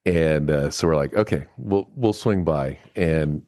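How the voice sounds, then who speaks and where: Male co-host, very low pitch, wry teasing banter, dry mic. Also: a little slow, warm tone, dry recording. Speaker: podcast co-host. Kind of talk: casual chat.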